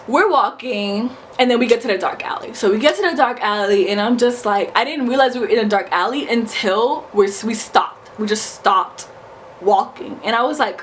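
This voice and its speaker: A woman in her twenties from New York, telling a story in a casual vlog, animated, profane and emphatic. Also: a little high, normal speed, slight background noise. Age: 20s. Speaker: vlogger.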